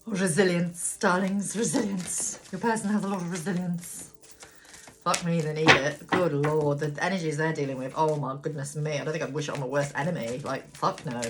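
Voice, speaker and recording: A woman's voice: low voice, moderate pace, a little hiss or hum. A woman doing a casual live tarot reading, chatty and blunt, swearing and talking to her cards. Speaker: tarot reader. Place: home room with a ring light.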